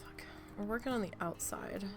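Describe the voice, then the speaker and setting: A woman's voice: medium pitch, normal speed, faint music behind. A woman live-streaming a game, chatting casually and telling rambling stories with plenty of swearing. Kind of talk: casual live-stream chat while playing.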